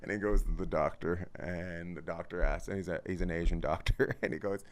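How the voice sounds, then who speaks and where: A man's voice: low-pitched, fairly even intonation, a little fast. A man hosting a casual comedy podcast with a Canadian accent, rambling, restarting his sentences and laughing often. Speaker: podcast host.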